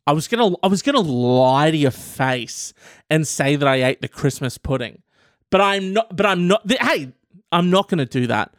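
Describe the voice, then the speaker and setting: A man's voice: on the high side, dry recording, studio quality. Irreverent, profane male podcast host. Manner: reads out an article and riffs on it. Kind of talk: comedic podcast commentary.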